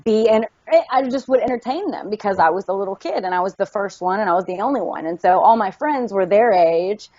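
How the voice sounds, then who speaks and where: A young woman with a faint Southern lilt talks through an interview in a lively, storytelling way. Her voice sits at an ordinary middle pitch and sounds close and dry. The audio has a muffled, lo-fi edge. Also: brisk, hardly any pauses, dry recording. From Tennessee. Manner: animated storyteller, acts out quotes. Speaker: actress, interview guest. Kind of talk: casual interview chat. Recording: dull lo-fi audio.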